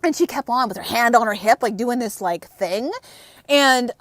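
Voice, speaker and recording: A woman in her thirties talks straight to camera in an unedited vlog. She rambles and swears, with her voice fighting back tears. Her voice sits a little high and sounds dry and close. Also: moderate pace, no room sound. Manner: emotional, on the verge of tears. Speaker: vlogger. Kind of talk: unedited casual vlog chat.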